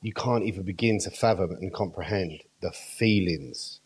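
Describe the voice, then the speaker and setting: A man's voice: deep voice, normal speed, slightly rough. A man hosting a podcast, talking in casual chat in an earnest, reflective and emphatic way. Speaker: podcast host.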